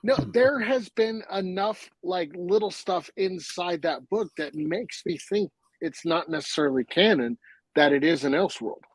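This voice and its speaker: A man's voice: sits high, animated, breathy edge, dry recording. A man co-hosting a podcast, casually and skeptically debating a point. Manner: skeptical, measured. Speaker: podcast co-host. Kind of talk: casual chat.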